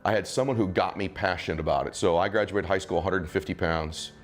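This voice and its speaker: A man's voice: low voice, fast talker, soft background music. A man giving motivational answers in an interview, speaking emphatically in punchy, repetitive phrases.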